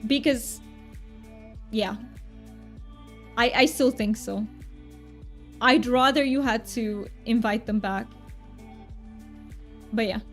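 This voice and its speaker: This fairly high-pitched woman chats casually with her party during a gaming live stream, faint music playing behind her. Excitable and talkative, she gushes happily with little gasps of delight.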